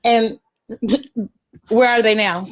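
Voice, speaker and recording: A woman's voice: on the high side, fairly even intonation, very slow. A woman in a casual group video chat, playful and teasing, joking around with the others. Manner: playful, teasing, puts on joke voices. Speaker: guest, host's sister.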